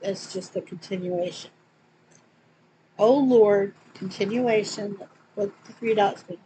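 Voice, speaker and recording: Slow Southern woman reading scripture. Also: mid-range voice, fairly even intonation, a little mellow, a little hiss or hum, rough recording. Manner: slow and deliberate, reads quotes slowly with small slips and asides. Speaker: Bible study reader. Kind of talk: reading scripture questions and answers aloud.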